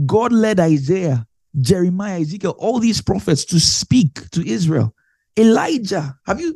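Husky, warm preacher man. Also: sits high, dry recording, clean studio sound. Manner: emphatic, repeats key phrases, animated. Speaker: Bible teacher. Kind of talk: sermon teaching.

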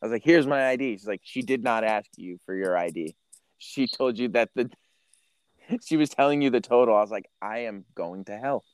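A man in his thirties hosting a podcast, telling stories in a casual, animated way, swearing and acting out what people said. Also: mid-range voice, a little fast, clean tone, no echo. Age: 30s. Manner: animated storyteller, swears, acts out quotes. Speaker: podcast host. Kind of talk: casual chat.

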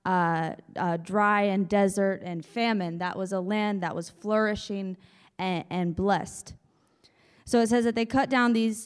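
A woman's voice: medium pitch, clear, resonant tone, long reverb tail. A woman preacher reading Scripture in a sermon, making chatty asides and calling for amen.

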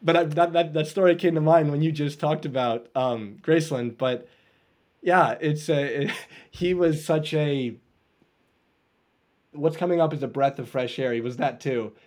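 A man guesting on an interview podcast, telling a story with lively energy and frequent laughs. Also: on the high side, a little slow. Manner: animated storyteller, laughs often, acts out voices. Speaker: guest coach.

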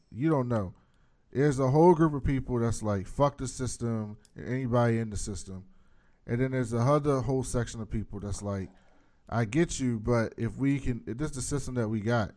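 A man's voice: medium pitch, a little mellow. A man in casual chat, recapping a TV episode and acting out the characters' lines with energy.

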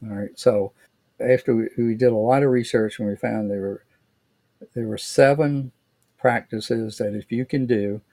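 An older man, a veteran guest on a podcast, explaining things in a measured way with frequent restarts. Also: medium pitch, steady tone, darkish tone, dry recording. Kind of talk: interview answers, storytelling. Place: podcast studio.

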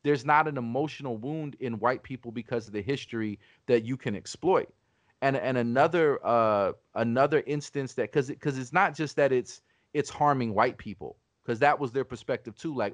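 A man's voice: medium pitch, moderate pace, dry recording. A man hosting a podcast, talking in a casual, argumentative way, swearing often and restarting his sentences. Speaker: podcast host.

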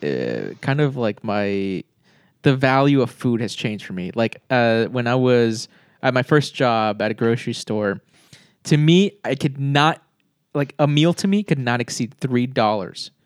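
A young man in casual chat, telling animated stories and acting out voices, with plenty of swearing. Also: mid-range voice, unhurried, clear, resonant tone, dry recording, clean studio sound.

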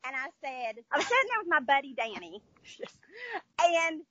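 A high, bright woman's voice with a Southern American twang tells stories in an upbeat, chatty way. The sound is dry and close, and she talks as a guest author in a casual interview. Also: sing-song, normal speed, no echo, dull audio. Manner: chatty, upbeat storyteller with fillers. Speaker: children's book author, guest.

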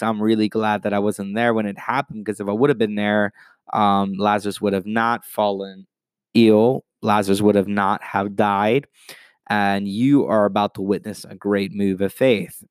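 A man's voice: lowish voice, clear, resonant tone, no room sound. A man hosting a podcast, preaching with casual enthusiasm. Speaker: podcast host.

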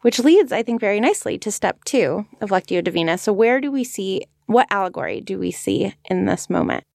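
A woman hosting a podcast with a mid-pitched voice and a dry, close sound. She reflects aloud in a relaxed way, with easy conversational fillers. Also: a little fast, gravelly, no echo. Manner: thoughtful, conversational, frequent "like" fillers. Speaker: podcast host. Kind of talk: casual reflective discussion.

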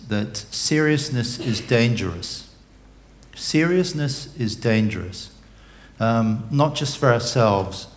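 A man giving a motivational talk, deliberate and measured, sometimes pausing to find his words. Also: on the low side. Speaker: speaker.

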